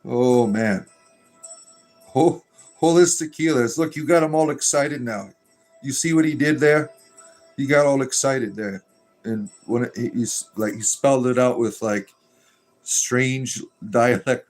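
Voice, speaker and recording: A man's voice: mid-range voice, a little slow, darkish tone, faint music behind. A man hosting a casual livestream, reading chat messages aloud in a joking, irreverent way and laughing often.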